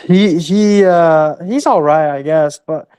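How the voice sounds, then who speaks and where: A man bantering excitedly as a sports fan in casual chat, boasting about his team. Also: on the high side, slow, smooth. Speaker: podcast co-host.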